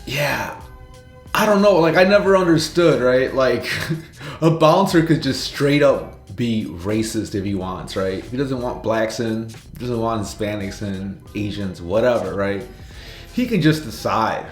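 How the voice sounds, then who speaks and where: A man hosting a reaction video, talking casually and tagging his points with quick questions to the viewer. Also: mid-range voice, expressive, reverberant, faint music behind. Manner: chatty, laughing asides, ends points with "right?". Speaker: reaction channel host.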